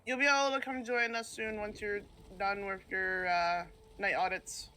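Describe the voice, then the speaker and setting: High, bright-voiced man gaming with friends. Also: flat delivery, moderate pace, a little hiss or hum. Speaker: co-player. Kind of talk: casual gaming chat.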